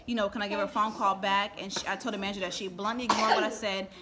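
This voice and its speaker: A vlogger vents on a live stream at home, rambling, irritated and emotional, restarting often while kids chatter around her. Her medium-pitched voice keeps a steady tone as she races along over heavy background noise.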